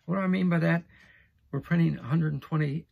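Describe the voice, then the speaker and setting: A man's voice: fairly high pitch, a little fast, phone-quality sound. A man in his sixties hosting a talk show, chatting in a rambling way with many restarts and fillers. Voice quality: gravelly, husky. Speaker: host. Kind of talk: casual talk show monologue.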